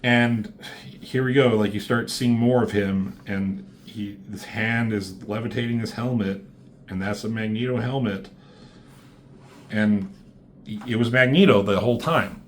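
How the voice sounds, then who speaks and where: A man's voice: fairly low pitch, unhurried, pauses often, a little hiss or hum. A man casually recapping a comic book issue as a reviewer, rambling and offhand, swearing freely.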